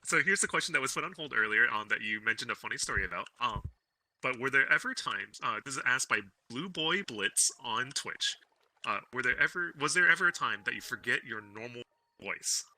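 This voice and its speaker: A man's voice: mid-range voice, expressive, brisk, pushed and bright, rough recording. A man moderating a convention panel, reading out audience questions with many hesitations.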